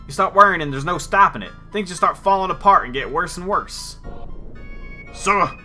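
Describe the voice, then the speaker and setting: A man voicing a gruff, brash middle-aged airship pilot who curses a lot, read aloud during a game playthrough. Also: high voice, expressive, moderate pace, pushed and bright, faint music behind, voice pushed up, exaggerated voice. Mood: rousing.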